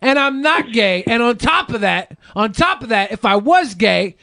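A man with a very high voice, speaking on a dry, close mic. He is blunt and profane as he argues with a caller. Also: lively intonation, moderate pace, creaky, bright, forceful tone, dry recording. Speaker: co-host. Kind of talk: heated podcast argument.

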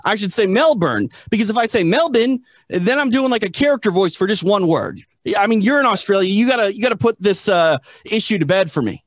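American guy, high voice, playful interviewer, dry close sound. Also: lively intonation, fast talker, hardly any pauses, dry recording. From United States. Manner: playful, chatty, mock-serious. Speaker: interview host. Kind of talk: casual interview chat.

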